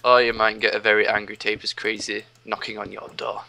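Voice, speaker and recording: A young man, hosting a casual gaming chat and telling stories in an animated, ranting way. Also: fairly low pitch, a little fast, vocal fry. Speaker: host.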